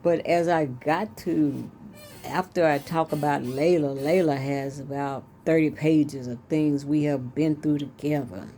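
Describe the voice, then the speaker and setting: Her voice is low and mellow, steady in tone and unhurried, with a little hiss or hum in the recording. An older woman who is a host and author, she chats casually through stories from her life on her show, folksy and prone to repeating herself.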